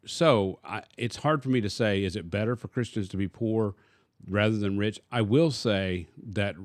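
A man's voice: lowish voice, moderate pace, dry recording, studio quality. A man, a pastor, teaching casually in a discussion and posing rhetorical questions to his listener.

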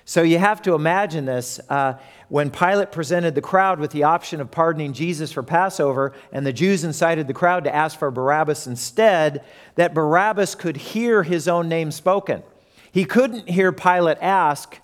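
A man's voice: on the high side, normal speed. A man preaching a sermon who retells the story and acts out the crowd and characters.

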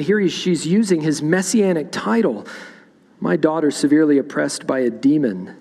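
A man delivers an expository sermon, reading passages aloud and then unpacking them for his congregation. His voice sits at an ordinary middle pitch. The sound carries a long reverb from the church hall around him. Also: fairly quick, warm tone. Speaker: pastor. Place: church sanctuary.

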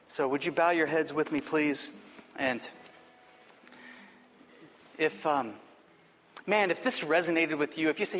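A man's voice: a little high, unhurried, long pauses, a bit bright. A man preaching a sermon as pastor, earnest and exhorting, often restarting his phrases. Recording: long hall reverb.

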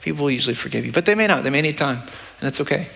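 A male pastor gives a sermon with a bright, forceful voice at an ordinary middle pitch. His delivery is plain and conversational, and he keeps tossing "right?" to the congregation. The sound rings with a long church-hall reverb. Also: lively intonation, racing, gravelly, slightly rough. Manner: conversational, practical, with frequent "right?" asides.

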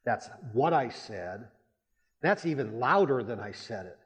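A man's voice: big pitch swings, a little slow. A pastor giving a sermon, telling personal stories with emphatic rises in his voice. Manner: storytelling, emphatic rises in pitch. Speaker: Baptist pastor. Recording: muffled church hall with long reverb.

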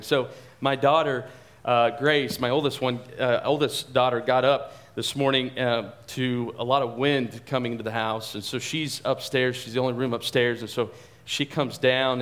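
A man in his forties preaching a sermon as pastor, telling a family story in a chatty, animated way. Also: medium pitch. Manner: anecdotal, chatty and animated, frequent restarts.

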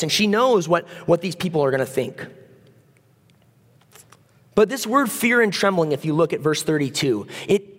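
High-voiced man preaching in a reverberant hall. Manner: conversational, animated, acts out voices of biblical figures. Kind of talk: sermon.

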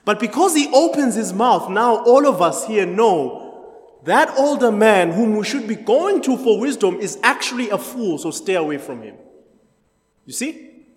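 A man's voice: high-pitched, animated, normal speed. A man leading an interactive Bible study, chatty, laughing often and quizzing the group. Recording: echoey hall.

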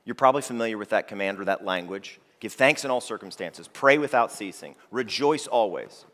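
A man's voice: fairly low pitch, expressive, fairly quick, fairly bright tone. A male pastor preaching a sermon to his church, emphatic, repeating key phrases and lifting his voice when reading scripture. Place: church sanctuary. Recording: long reverb of a church hall.

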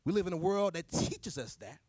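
A man delivers a sermon in a fairly high voice, leaning on repeated rhetorical questions to press his point. His delivery is emphatic and direct. The sound is dry and close. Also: animated, a little fast, a little mellow, dry recording. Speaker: preacher.

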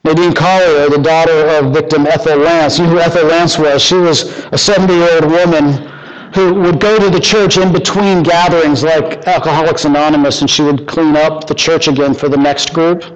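A man's voice: fairly high pitch, steady tone, normal speed, low-quality recording. A man preaching a sermon earnestly, repeating lines and asking the congregation rhetorical questions. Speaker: pastor.

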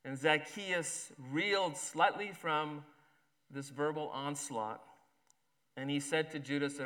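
Bright-voiced male preacher. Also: on the high side, a little slow. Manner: reads a story aloud, acting out the characters' lines. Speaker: pastor. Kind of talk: sermon.

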